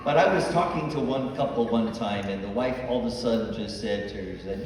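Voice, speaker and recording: A priest's sermon echoes through a church hall, recorded from far away with a little background noise. Speaking at medium pitch, a bit fast and with hardly a pause, he acts out the dialogue in his stories.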